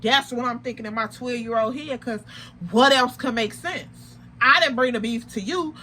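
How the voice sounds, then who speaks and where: Young woman, high voice, vlog storytime, animated, slangy, emphatic. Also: normal speed, slight background noise. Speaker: vlogger. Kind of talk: casual storytime.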